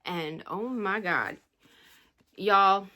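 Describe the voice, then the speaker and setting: Woman, book vlogger, casual review chat, unhurried, rambling and emotional, sighing. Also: medium pitch, pushed and bright. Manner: rambling, emotional retelling with sighs.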